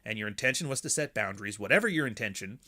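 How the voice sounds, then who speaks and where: Blunt, bright-voiced man ranting. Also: fairly low pitch, very fast. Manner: blunt, profane, animated. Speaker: podcast host. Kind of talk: casual commentary monologue.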